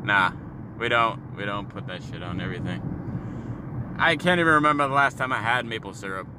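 A man's voice: fairly low pitch, a little fast. A Canadian man in his thirties from Ontario, ranting and joking crudely, with lots of swearing. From Sault Ste. Marie, Ontario, Canada. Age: 30s. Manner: crude, mocking, joking with profanity. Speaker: vlogger. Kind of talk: profane ranting monologue. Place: in a moving car. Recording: road noise from a car.

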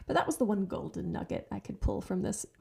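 A woman's voice: medium pitch, lively intonation, fast, gravelly, a little mellow. A young adult woman co-hosting a podcast, giving blunt, emphatic opinions in casual chat. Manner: blunt, emphatic opinions with frequent agreeing interjections. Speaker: podcast co-host. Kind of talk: casual movie recap chat.

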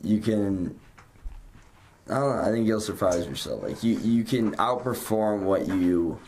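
A man's voice: on the low side, lively intonation, a little slow, darkish tone, slight background noise. A young man hosting a casual podcast, talking loosely with lots of fillers. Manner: rambling, loose, many "like" fillers. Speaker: podcast host. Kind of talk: casual chat.

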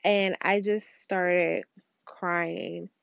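A woman's voice: on the low side, fairly even intonation, extremely slow, gravelly, no echo. A young woman hosting a podcast, telling a rambling personal story in casual, slangy, candid talk from home. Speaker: podcast host. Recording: dull lo-fi dry recording.

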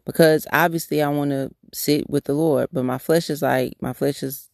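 A woman's voice: low voice, fairly even intonation, fairly quick, hardly any pauses, a little mellow, no echo, studio quality. A woman hosting a devotional podcast, telling a personal faith story in an earnest, candid way, often restarting her sentences. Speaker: podcast host.

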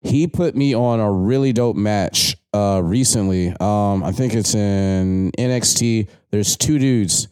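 A man's voice: fairly low pitch, slow, few pauses, darkish tone, clean tone. A man on a podcast talking in a rambling, laid-back way, swearing casually. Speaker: podcast co-host.

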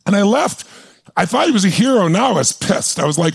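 Gravelly, intense man in his sixties. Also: high voice, sing-song, a little fast. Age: 60s. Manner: intense, passionate, rallies the audience. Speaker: motivational speaker. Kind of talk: live seminar storytelling.

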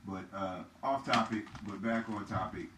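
A man's voice: low voice, normal speed, pushed and bright, a little hiss or hum. Man, casual podcast co-host, profane, echoey room, slightly distant. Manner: loose, profane, storytelling banter. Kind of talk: casual chat.

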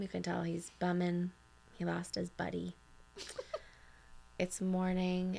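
A woman's voice: on the low side, gravelly. A woman co-hosting a podcast, casually recapping a TV episode and recounting scenes at length. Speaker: podcast co-host.

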